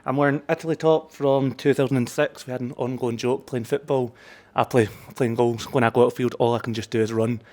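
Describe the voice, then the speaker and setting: Brief: male Scottish co-host, fast chatty and self-mocking. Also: mid-range voice, fairly even intonation, a little mellow. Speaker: podcast co-host. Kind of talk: casual pub chat. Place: pub, indoors.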